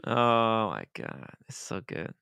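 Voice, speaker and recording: Bright, clear-voiced male show host. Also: lowish voice, slow, dry recording, studio quality. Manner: animated, laughs often, trails off into mumbles. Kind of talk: casual livestream chat.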